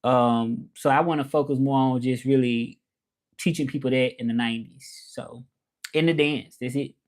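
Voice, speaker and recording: A man's voice: mid-range voice, fairly even intonation, normal speed. A man hosting a casual livestream, greeting viewers in a laid-back way and dropping in French phrases. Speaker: livestream host.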